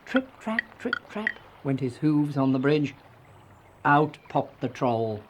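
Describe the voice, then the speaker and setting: A storybook narrator reading a children's fairy tale slowly and gently. The voice sits at an everyday middle pitch. Each sentence is given room to land. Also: fairly even intonation, highs cut off, background noise.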